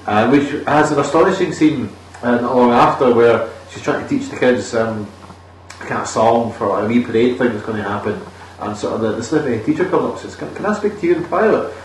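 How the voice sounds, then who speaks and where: A man's voice: mid-range voice, brisk, a little hiss or hum. A Scottish man tells the plot of a bad film in loose, sweary chat and acts out its characters. His voice sits in the middle range. He sounds distant from the mic in a room with a lot of echo. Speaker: podcast co-host. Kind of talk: casual film review chat. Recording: echoey room, far from the mic, faint ambience.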